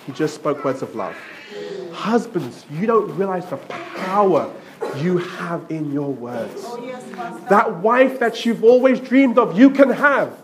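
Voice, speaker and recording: A man's voice: high voice, animated, slow, a crowd in the background. A male pastor preaching a sermon, telling stories playfully and repeating himself often.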